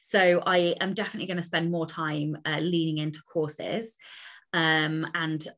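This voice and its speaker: A woman's voice: deep voice, level tone, normal speed, fairly bright tone. A woman author chatting as an interview guest, enthusiastic and talkative, with plenty of fillers. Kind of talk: casual interview conversation.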